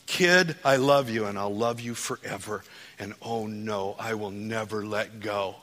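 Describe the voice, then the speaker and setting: A man's voice: on the low side, measured pace, a bit bright. A man preaching a sermon, telling his own story and building to fervent, insistent appeals. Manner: testimony building to impassioned, rising preaching. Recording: hall with long reverb.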